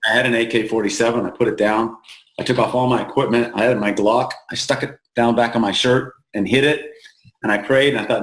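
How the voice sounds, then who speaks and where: A man's voice: mid-range voice, fairly even intonation. Earnest man telling war stories, roomy sound. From United States. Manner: plain-spoken, halting restarts, slows for emphasis. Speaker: founder of an aid group, interview guest. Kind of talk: earnest storytelling in an interview. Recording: roomy echo.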